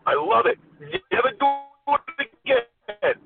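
A man doing an impression of a folksy older male wrestling coach who calls everyone "baby", with an exaggerated high drawl. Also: sing-song, slow, vocal fry, music in the background, full character voice. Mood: enthusiastic. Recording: tinny phone line with faint hiss.

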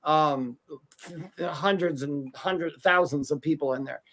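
A middle-aged man co-hosting a live chat, talking haltingly and searching for his words. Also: on the high side, fairly bright tone. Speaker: co-host, psychic medium.

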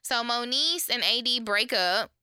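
Podcast co-host, woman, casual storyteller; bright, crisp voice, dry close recording. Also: a little high, unhurried, no echo. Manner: animated storytelling, acts out quotes, swears freely. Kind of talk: casual chat recapping reality TV.

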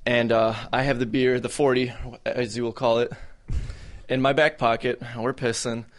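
A man's voice: medium pitch, level tone, moderate pace. A young man casually telling a profane story on a podcast, laughing as he goes. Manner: profane, laid-back, laughing through the story. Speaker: podcast co-host.

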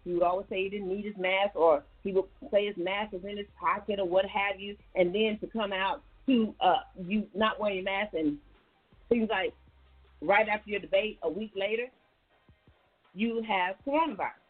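A woman's voice: medium pitch, steady tone, normal speed, breathy edge. Folksy woman radio host, tinny line. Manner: folksy, addresses listeners as y'all. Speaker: radio talk show host. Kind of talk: casual call-in radio commentary.

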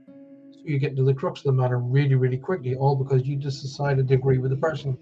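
A man's voice: medium pitch, level tone, fast talker, warm tone, soft background music. Chatty Irish man, lo-fi sound. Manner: chatty, jokey, reads out viewer comments. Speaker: host of a live wellbeing show. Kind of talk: casual live-stream talk.

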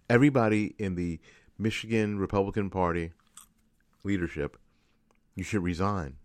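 A man with a deep, low voice rants through a political commentary monologue. He sounds angry and frustrated, and he circles back over the same points again and again. The recording is dry and close, with no room sound. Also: darkish tone, no room sound. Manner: angry, ranting, repetitive. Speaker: radio host.

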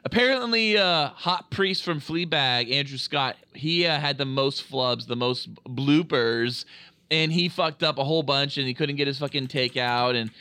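A man hosting a casual movie review podcast, talking in an animated, jokey way with plenty of swearing. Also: medium pitch, normal speed, clear, resonant tone, no room sound. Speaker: podcast host. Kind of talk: casual film review chat.

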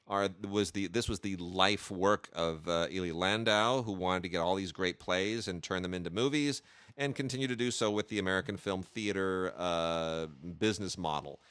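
A man hosts a casual chat about films, keen and full of hesitations. His low voice is bright and resonant. The recording is dry and close. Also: normal speed, clear, resonant tone, dry recording. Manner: enthusiastic, with many hesitations and restarts. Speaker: podcast host reviewing film releases.

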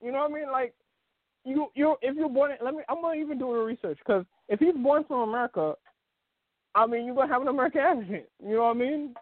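A man's voice: very high-pitched, fast talker, no echo. A man hosting a casual sports talk show, rambling with many fillers and restarts. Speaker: podcast host. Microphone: phone call. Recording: tinny phone line, dry.

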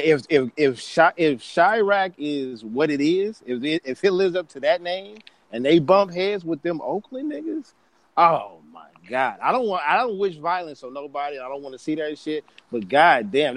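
A man's voice: on the high side, moderate pace, no room sound. A man telling stories in a casual podcast chat, full of restarts and profanity. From Bay Area, California. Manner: animated storytelling with restarts and profanity.

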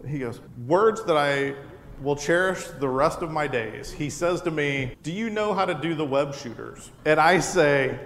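A man's voice: a little high, lively intonation, unhurried, fairly bright tone. Laughing man telling a story in an echoey hall. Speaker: podcast host. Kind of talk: live storytelling to an audience. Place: live venue with audience. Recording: echoey hall with a live audience.

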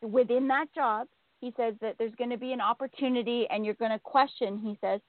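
A woman medium relaying messages in a reading, with a slightly high voice. Her delivery is hesitant and searching. The sound is dry and thin, like a phone line. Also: steady tone, a little fast, no room sound. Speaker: psychic medium. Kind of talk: psychic reading on call-in radio.

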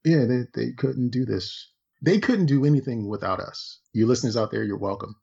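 Male podcast co-host: deep, gravelly, husky, laid-back and profane, lo-fi sound. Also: a little mellow. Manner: laid-back, slangy and profane, drawn-out joking riffs. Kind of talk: casual podcast banter. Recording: dull lo-fi podcast audio.

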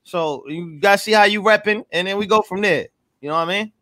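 A man co-hosting a casual streamed chat, relaxed and slangy, often repeating himself. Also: high voice, fast, no echo, clean studio sound. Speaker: co-host.

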